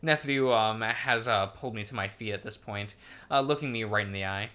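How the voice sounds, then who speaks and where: A man's voice: lowish voice, a little fast, bright, forceful tone, clean tone. A man hosting a let's play, reading a visual novel aloud in a hesitant way with many ums and uhs.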